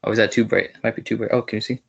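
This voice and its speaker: A man's voice: on the low side, flat delivery, rapid-fire, vocal fry, slightly rough, muffled recording. A young man hosting a casual podcast interview, eager and playful, often laughing. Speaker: podcast host.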